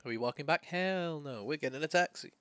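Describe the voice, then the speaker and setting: A man's voice: fairly high pitch, fast, a bit bright. Playful male game streamer. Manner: playful, giggly asides. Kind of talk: casual gaming stream chat.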